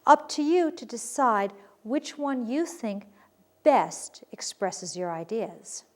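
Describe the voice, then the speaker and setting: Woman, grammar teacher, animated higher voice, patient and explanatory. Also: takes it slowly. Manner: patient, explanatory, reads examples aloud. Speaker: writing teacher. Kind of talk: recorded grammar lesson.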